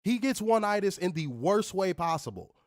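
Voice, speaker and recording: A man hosting a podcast, ranting in an animated, profane, casual way. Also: sits high, moderate pace, dry recording, clean studio sound. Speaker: podcast host. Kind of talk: casual chat.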